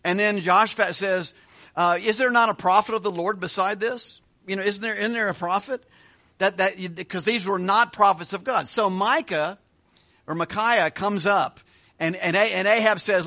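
Man, pastor, Bible study teaching, acts out the characters, chuckles, bright tone. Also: high voice. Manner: retells scripture with quick voiced asides and chuckles.

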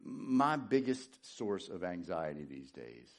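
A male pastor preaching a sermon live in a church on a stage microphone, swinging from loud emphatic declarations down to soft whispers and asking rhetorical questions. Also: low-pitched, sing-song, slow pace. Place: church sanctuary before a congregation. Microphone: live handheld or stage microphone.

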